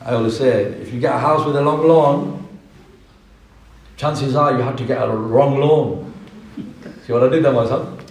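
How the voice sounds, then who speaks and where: A male preacher, animated and joking as he tells a parable. He is heard from well back in a mosque hall full of echo. His voice sits at an ordinary middle pitch. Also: normal speed, vocal fry, pauses often. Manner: animated storytelling with humorous asides. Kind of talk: sermon. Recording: echoey mosque hall from far off.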